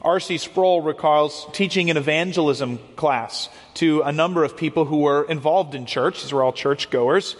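Pastor guy preaching, earnest, kinda high-ish voice, big reverby room. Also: normal speed, few pauses. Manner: earnest, explanatory preaching with frequent repeated words. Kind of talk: sermon. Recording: long hall reverb.

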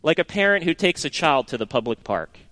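A middle-aged man preaching a sermon and reading scripture, earnest and expressive, sometimes dropping to a hushed tone for emphasis. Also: fairly high pitch, fairly quick.

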